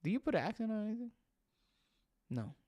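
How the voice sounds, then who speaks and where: Switching back and forth between English and Spanish, a young male livestream host chats casually with viewers and reads their comments aloud. His voice is high yet dark in tone, with big pitch swings and a brisk pace, and the recording has no echo.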